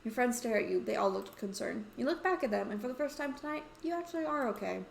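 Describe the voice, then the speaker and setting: A woman's voice: a little high, lively intonation, fast talker, creaky, reverberant, slight background noise. A woman playing and reading a story game aloud, with playful, chatty asides. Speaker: let's play host.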